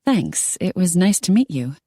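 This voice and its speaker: A woman's voice: fairly low pitch, big pitch swings, moderate pace, dark tone, dry recording, studio quality, voice pushed up. A woman voicing a spirited young woman with a wry, sarcastic manner.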